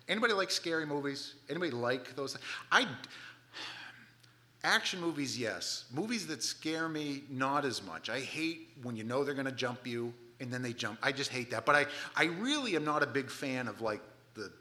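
A man's voice: medium pitch, expressive, moderate pace, bright, forceful tone. A male pastor delivering a sermon in an emphatic, conversational way.

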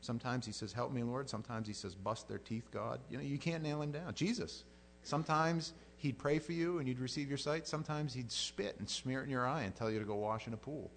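A middle-aged pastor teaching from the Bible in a folksy, joking way, acting out quotes in silly voices. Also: male voice, medium pitch, a little fast, a little hiss or hum.

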